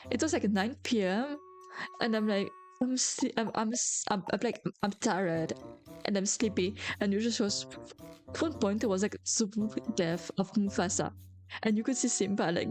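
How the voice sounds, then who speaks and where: Young woman vtuber just yapping, french native, lots of likes and little laughs, mid-pitched voice. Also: normal speed, a little mellow, soft background music. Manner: rambling and chatty, heavy filler words, giggly. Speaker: VTuber streamer. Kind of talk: casual chat stream.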